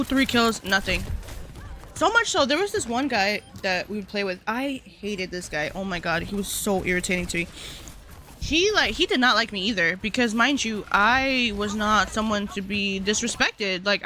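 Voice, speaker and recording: A woman's voice: mid-range voice, normal speed, sharp tone, slight background noise. A young woman streamer chatting casually, filling her talk with "like" and swearing freely. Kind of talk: casual livestream chat.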